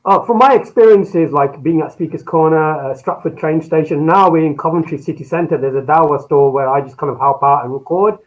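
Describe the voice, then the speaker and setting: A man with a high voice shares his experience sincerely. He is a little hesitant and leans on small fillers as he goes. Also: brisk, hardly any pauses, low-quality recording. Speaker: panelist.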